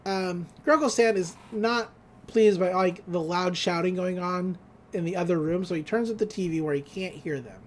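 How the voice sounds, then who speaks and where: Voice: medium pitch, moderate pace, slight background noise. A podcast co-host casually recapping a cartoon episode, acting out the characters' lines and laughing along the way.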